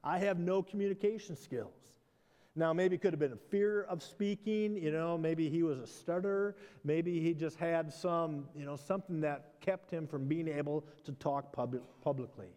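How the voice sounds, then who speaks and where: A man's voice: a little high, moderate pace, few pauses, dark tone, long reverb tail. A man, a pastor, preaching a conversational sermon, animatedly acting out the exchanges of a story and adding self-deprecating asides.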